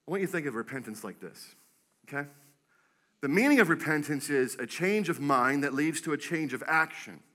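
A man preaching a sermon as pastor, telling stories with animated acted-out voices. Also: on the high side, fairly quick. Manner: animated storytelling, acts out quoted voices. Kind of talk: energetic sermon.

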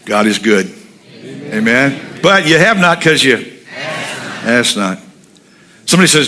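Male pastor, bright edgy tone, animated storytelling sermon delivery. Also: medium pitch, measured pace, pauses often. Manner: animated, humorous storytelling, blunt.

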